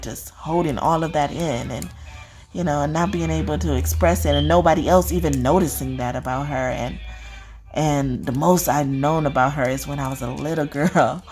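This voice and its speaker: A woman's voice: low voice, darkish tone. A woman who reads spiritual messages, chatting casually to viewers in a rambling way, full of fillers and laughter. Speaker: spiritual reader.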